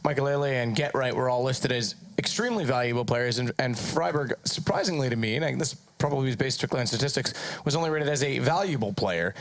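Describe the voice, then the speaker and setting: Fast-talking Canadian man hosting. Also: mid-range voice, expressive. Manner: quick, chatty and playfully exasperated. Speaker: desk host. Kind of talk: esports broadcast desk banter. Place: broadcast studio.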